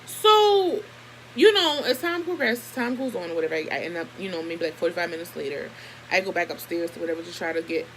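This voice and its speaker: A young woman vlogger telling a story in a casual, animated and heavily profane way. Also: lowish voice, fast, slight background noise, poor audio. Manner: profane, animated, emphatic retelling.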